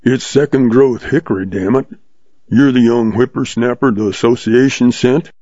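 A man voicing a grumpy, gruff old one-legged ranch boss in an audiobook, growling his lines, with a dull, dry, lo-fi sound. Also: medium pitch, moderate pace, warm tone, no room sound, lightly acted. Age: older.

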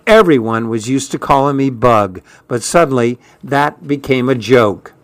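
Slow, measured male audiobook narrator. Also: medium pitch, animated, dry recording. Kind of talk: scripted first-person narration.

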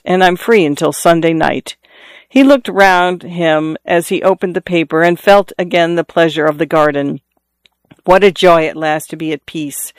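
A man reading a novel aloud as narrator, in a measured, even storytelling manner. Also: fairly high pitch, smooth, no room sound. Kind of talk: scripted audiobook narration.

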